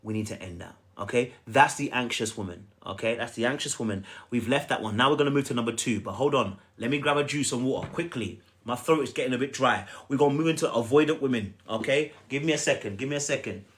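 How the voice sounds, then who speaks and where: A man's voice: mid-range voice, fast talker, few pauses. A man giving casual dating coaching on a livestream, emphatic and repetitive, often asking the audience if they follow. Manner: animated, repetitive, emphatic and chatty.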